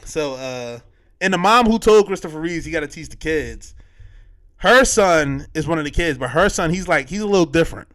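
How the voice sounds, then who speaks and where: A man's voice: on the high side, animated, normal speed, a bit bright. A man hosting a podcast, recapping a film in loose, slangy casual chat, full of fillers and restarts. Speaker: podcast host.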